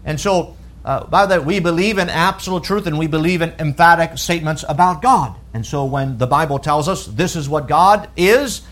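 A man's voice: fairly high pitch, normal speed, fairly bright tone. A man preaching a sermon, emphatic, often rising in force as he stresses a point and reading scripture aloud. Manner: reads scripture in old-fashioned wording.

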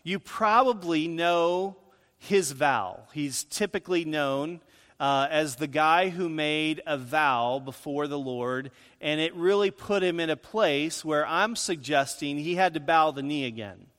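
Animated male pastor preaching in reverb. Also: a little slow. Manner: animated preaching, pitch rising on emphasis. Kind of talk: sermon.

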